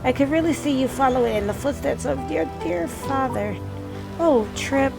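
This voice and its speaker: Brief: woman playing a sweet old knitting granny, high and lilting with a slight gravel, over game music. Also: normal speed, low-quality recording. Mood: doting. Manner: sweet, doting. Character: kindly old grandmotherly woman who knits. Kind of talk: reading game dialogue aloud.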